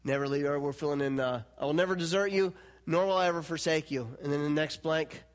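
A man preaching a sermon as pastor, animated and swinging between loud, emphatic lines and hushed, quiet ones. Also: on the high side, a little fast. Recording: long hall reverb.

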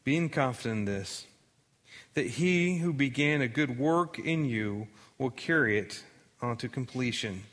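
Bright-voiced male pastor preaching. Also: medium pitch, lively intonation, unhurried, in a large hall. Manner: conversational preaching, dramatic quoting. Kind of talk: sermon.

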